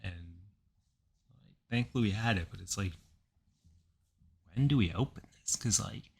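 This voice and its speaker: Low-voiced man telling a wry story. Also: unhurried, vocal fry, breathy edge. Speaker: podcast co-host. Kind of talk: casual chat.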